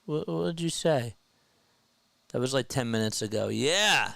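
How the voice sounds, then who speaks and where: A young man doing casual play-by-play of a live baseball game and chatting with his viewers between pitches. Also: moderate pace, creaky, dry recording. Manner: gets loud and high when excited. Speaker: fan play-by-play streamer.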